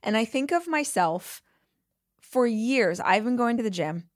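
A woman in her thirties hosting a podcast interview, talking in an animated, chatty way and swearing casually. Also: on the high side, unhurried, no room sound, studio quality. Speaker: podcast host.

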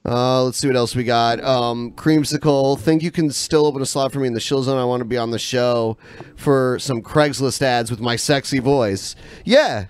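A man hosting a live podcast, reading viewer messages aloud with casual fillers and pauses between them. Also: mid-range voice, smooth. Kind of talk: casual live-stream chat. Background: panel of co-hosts.

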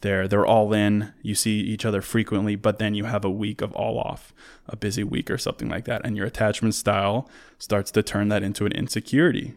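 A man's voice: fairly low pitch, little pitch movement, a little fast. A man hosting a solo relationship advice talk, conversational and earnest, who repeats words as he restarts and works through a list of points.

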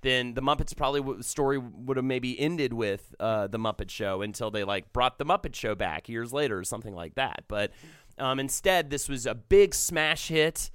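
A man's voice: mid-range voice, moderate pace, a bit bright, smooth, dry recording, clean studio sound. A man co-hosting a podcast, chatting with enthusiasm and restarting his sentences often. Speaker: podcast co-host. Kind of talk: casual podcast chat.

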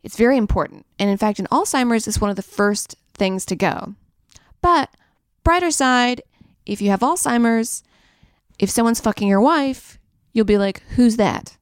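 A young woman co-hosts a podcast, rambling through crude, joking stories in a casual comedic monologue. Her fairly high voice is expressive and smooth at normal speed, recorded as clean studio sound with no room tone.

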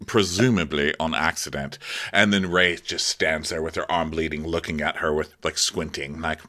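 A man co-hosting a comedy podcast, recapping a TV episode in casual chat and acting out characters in quick, silly voices. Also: very deep voice, fairly even intonation, bright, forceful tone.

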